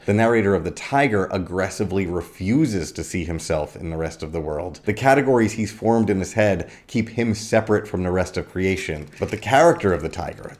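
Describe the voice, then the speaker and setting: Deep-voiced man giving a literature lecture. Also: a little mellow. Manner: measured, explanatory, reads poetry lines slowly. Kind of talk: scripted video lecture.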